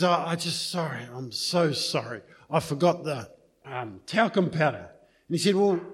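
A man's voice: a little high, husky. A man preaching a sermon, telling a story in a loose, conversational way before praying and reading scripture.

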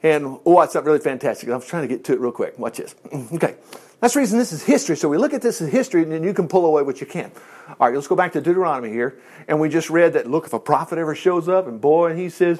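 A man's voice: fairly high pitch, fast. A male preacher giving a conversational sermon to a congregation in a room, acting out the voices he quotes. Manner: animated, acts out quoted voices.

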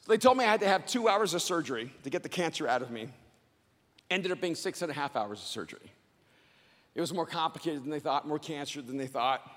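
A man giving a motivational speech to a live audience, loud and emphatic, often near a shout, with slow dramatic phrasing. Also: fairly high pitch, expressive, in a large hall. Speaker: motivational speaker.

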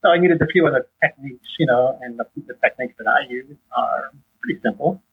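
Husky man on a tinny phone line. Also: fast. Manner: animated storyteller, acts out dialogue with rising pitch. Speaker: interview guest. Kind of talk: conversational teaching on faith.

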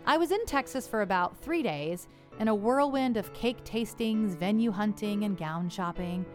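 A woman earnestly narrating a personal story in a measured way. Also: mid-range voice, lively intonation, darkish tone, faint music behind.

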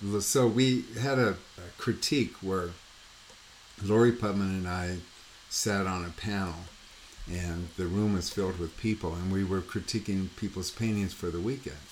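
Animated man telling rambling art stories. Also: low voice, moderate pace, slight background noise. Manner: animated, mimics sounds and voices while telling stories; rambling, with frequent fillers like "you know" and "like". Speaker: painting coach and podcast host. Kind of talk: casual anecdotal storytelling.

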